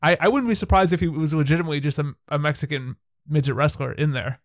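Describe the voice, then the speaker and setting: A man recapping a TV episode with wry asides, chatty and quick to laugh. His voice sits a little high and sounds close and dry, with no room around it. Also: no echo. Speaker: podcast host.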